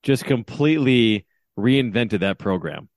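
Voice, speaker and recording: A man co-hosts a relaxed podcast, going along with jokes through short deadpan remarks and casual stories. His pitch is ordinary and mid-range, and the recording is close and dry with no room echo. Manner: easygoing, quick deadpan agreements and asides. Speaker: podcast co-host. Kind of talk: casual comedic podcast chat.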